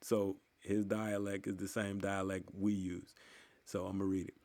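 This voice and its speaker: A man's voice: sits low, little pitch movement, normal speed, darkish tone, dry recording. A man vlogging as he reads articles aloud and breaks in with sarcastic comments and rhetorical questions to his viewers. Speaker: vlogger reading and reacting to articles. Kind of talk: casual commentary mixed with reading aloud.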